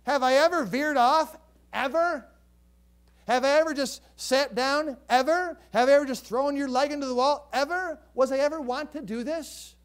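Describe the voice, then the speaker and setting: A man's voice: extremely high pitch, moderate pace, voice pushed up. A man doing an indignant talking donkey. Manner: indignant, nagging repeated questions. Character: exasperated talking donkey scolding its owner.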